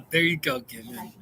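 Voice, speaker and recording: A man's voice: mid-range voice, pushed and bright, slight background noise, rough recording. An American man hosting a casual live stream, chatting and reacting to viewer comments with frequent laughs. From United States. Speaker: livestream host. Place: indoors, seated at a table.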